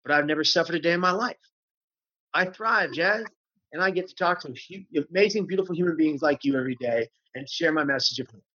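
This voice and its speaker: An earnest man with a fairly high voice talks with emphatic conviction, often repeating his phrases for effect. The recording sounds dull and lo-fi. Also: brisk, bright, forceful tone. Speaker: guest speaker on mental health. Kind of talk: passionate conversational storytelling. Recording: dull lo-fi audio.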